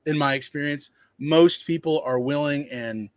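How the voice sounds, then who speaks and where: Man, slightly high voice, rambling storyteller, casual chat, dry close sound. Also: moderate pace, no echo. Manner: rambling, conversational, acts out quotes in a higher voice. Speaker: dumpster rental business owner.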